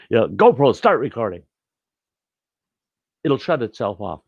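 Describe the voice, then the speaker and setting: An older man spins a camp yarn in a low, gravelly voice, getting animated as he acts out arguments. The recording is dry and a little dull, with no room sound. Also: moderate pace, long pauses, no room sound. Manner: animated, acts out yelling at his camera. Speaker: storyteller host. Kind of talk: casual campfire storytelling.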